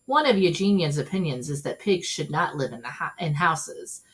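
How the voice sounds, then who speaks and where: A woman reading a children's storybook aloud in an expressive, animated way. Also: sits low, normal speed. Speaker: storybook reader.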